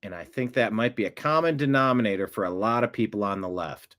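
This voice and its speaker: A man's voice: fairly low pitch, fast, fairly bright tone. A man hosting a commentary show, reacting to a video clip in a sarcastic, mocking way.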